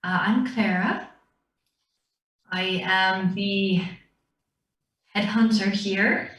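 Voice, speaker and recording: A woman voicing a brisk female raptor bird-folk headhunter who runs a hunters' guild, businesslike and wry. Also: medium pitch, steady tone, fairly bright tone. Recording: roomy, distant mic.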